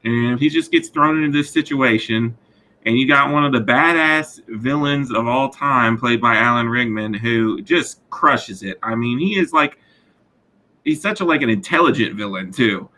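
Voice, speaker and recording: Male co-host, mid pitch, bright forceful tone, enthusiastic casual chat. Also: normal speed, rough recording. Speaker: podcast co-host.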